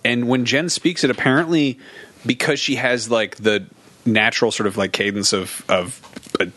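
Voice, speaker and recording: A man's voice: medium pitch, fairly even intonation, pushed and bright, dry recording. Joking podcast co-host, man, dry close mic, profane casual chat. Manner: profane, joking, quick asides.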